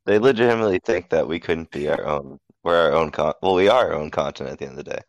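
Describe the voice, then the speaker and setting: A man's voice: rumbling low, fast talker, creaky, no room sound. A young man as a podcast guest, chatting offhandedly with frequent laughs. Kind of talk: casual chat.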